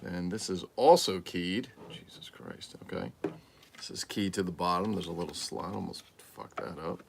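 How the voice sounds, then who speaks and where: A deep-voiced man with vocal fry hosts a casual toy-collector livestream at a normal pace, assembling a collectible mask as he unboxes, chats, and cracks crude jokes for viewers. There's noise in the background.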